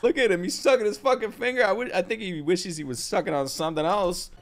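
A man hosting an anime reaction video, talking excitedly in profane, joking asides as he watches. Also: sits high, fast. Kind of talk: live reaction commentary. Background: faint anime soundtrack.

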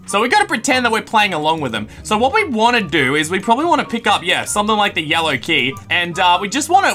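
Hyper high-voiced gaming guy. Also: sharp tone. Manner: hyper, playful, yelps and jokes. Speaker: gaming video host. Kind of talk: excited gameplay commentary.

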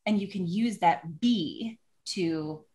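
Husky-voiced woman teaching Shakespeare. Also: on the low side, slow pace, dark tone. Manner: enthusiastic, explanatory, demonstrates meter aloud. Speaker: acting teacher. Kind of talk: Shakespeare monologue tutorial.

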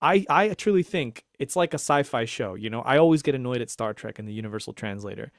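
A man co-hosting a casual podcast discussion, talking in an animated, rambling way with restarts and laughs. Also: medium pitch, fast talker, no echo, studio quality. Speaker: podcast co-host.

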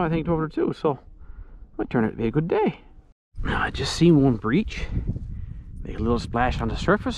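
A man on a pond in a kayak, giving casual running commentary while fishing and calling excitedly to his dog and his viewers. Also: mid-range voice, creaky, dull audio, noisy background. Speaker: outdoors vlogger.

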